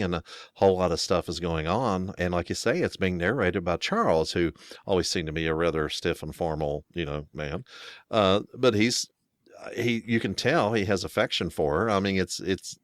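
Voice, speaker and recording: A man's voice: sits low, dry recording, clean studio sound. An American man co-hosting a casual talk show, rambling with many restarts and fillers. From United States. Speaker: podcast co-host. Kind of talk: casual chat.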